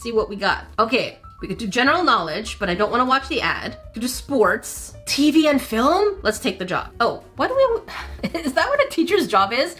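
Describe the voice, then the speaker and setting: Playful woman doing game commentary. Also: high voice. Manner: playful, animated, laughs often, scolds game characters. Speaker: gaming channel host; former teacher. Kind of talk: let's play commentary.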